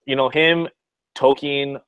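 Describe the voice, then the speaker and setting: A man's voice: mid-range voice, fairly even intonation, slow pace, fairly bright tone, smooth, no echo, lo-fi sound. A man chatting casually as a guest on a video call, rambling and profane with frequent restarts. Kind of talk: casual chat.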